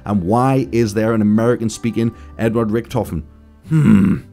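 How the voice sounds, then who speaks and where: A man hosting a gaming video, speculating excitedly about game lore and talking straight to his viewers. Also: fairly low pitch, moderate pace, soft background music. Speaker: gaming channel host. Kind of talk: casual gaming theory commentary.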